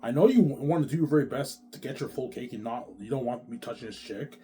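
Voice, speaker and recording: A man rambles through a solo monologue, circling back over the same phrases and peppering them with swearing. His voice sits at a middling pitch, with faint noise in the background. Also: fast talker, dark tone. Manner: rambling, repetitive, profane, slangy. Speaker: vlogger.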